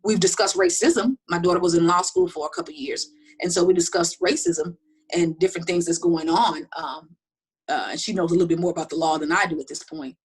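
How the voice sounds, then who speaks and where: A middle-aged woman telling personal stories in an interview, talking quickly and animatedly with many restarts. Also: fairly low pitch, slightly rough. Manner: fast, animated storytelling with frequent restarts. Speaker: interview guest. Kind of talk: candid personal storytelling.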